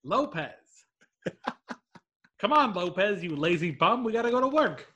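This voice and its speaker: A man voicing a frustrated grown man who keeps calling for an absent coworker, in exasperated shouts. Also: sits high, sing-song, slow, voice pushed up, exaggerated voice.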